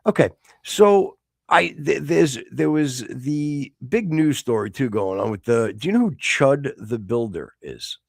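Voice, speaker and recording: A man's voice: medium pitch, expressive, a little slow, vocal fry, a little mellow, no room sound, clean studio sound. A middle-aged American man hosting a casual live-stream talk show, rambling with stammered restarts and bursts of mock exasperation. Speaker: podcast host.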